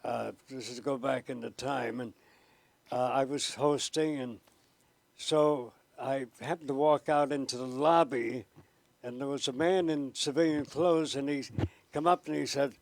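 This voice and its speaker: A man in his seventies, a former TV weatherman, telling lively anecdotes as an interview guest. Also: mid-range voice, a little slow, creaky, no echo. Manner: animated storyteller who jumps between voices.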